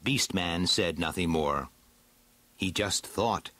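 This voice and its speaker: A man reading a storybook aloud with a slow, dramatic, swooping delivery. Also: on the low side, sing-song, fairly bright tone, husky, dry recording. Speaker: narrator.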